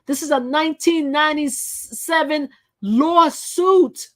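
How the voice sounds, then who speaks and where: A woman hosts a live channel, reading articles aloud and commenting chattily, often repeating and restarting her phrases. Her voice is high, slow-paced, and a bit bright.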